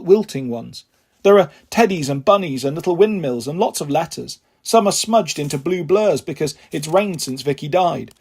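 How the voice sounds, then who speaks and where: A man reads a children's novel aloud, telling it steadily in the first person. His voice is husky and breathy and sits high for a man. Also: a little mellow. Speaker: audiobook reader.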